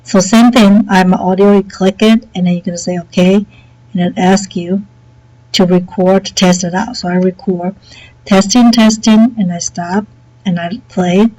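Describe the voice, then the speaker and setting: A woman's voice: on the low side, moderate pace, low-quality recording. Woman teacher on a headset doing a screen tutorial, easygoing, keeps saying okay. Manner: relaxed and chatty, many okays and fillers. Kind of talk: screen-recorded software tutorial.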